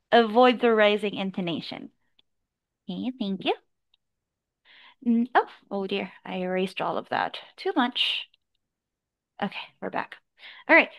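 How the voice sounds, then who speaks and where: A woman's voice: on the high side, fairly bright tone. A woman teaching an IELTS speaking lesson, giving patient feedback with worked examples. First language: English. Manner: encouraging, explains slowly with examples.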